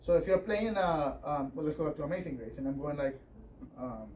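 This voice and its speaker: Fairly high-pitched and a little mellow, this man talks animatedly and at a fairly quick clip as he runs a guitar workshop. He rambles conversationally with plenty of fillers between demonstrations, and the faraway mic picks up faint noise.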